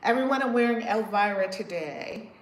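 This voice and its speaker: A woman hosting a casual livestream, greeting viewers by name in an effusive way, with big swoops in pitch and loudness. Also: moderate pace, reverberant, slight background noise. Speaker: livestream host.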